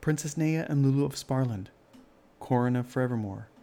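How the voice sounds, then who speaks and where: A man voicing a wise, solemn male lion who speaks in slow, grave, measured sentences. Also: medium pitch, vocal fry, dark tone, natural voice.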